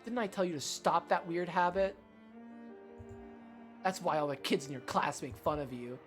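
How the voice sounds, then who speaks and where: A man's voice: fairly high pitch, moderate pace, faint music behind, natural voice. A man reading the lines of a stern mother who scolds her daughter curtly. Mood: scolding. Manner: curt and scolding.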